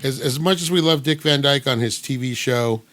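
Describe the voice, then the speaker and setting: A man's voice: medium pitch, normal speed, fairly bright tone, no echo. A man from the United States hosting a casual podcast chat, rambling with many fillers and restarts. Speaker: podcast host.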